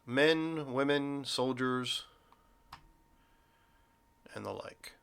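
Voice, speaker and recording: A man's voice: medium pitch, drawn-out words, vocal fry, fairly bright tone, clean tone. A man running a tabletop game as game master, narrating casually with a joking manner.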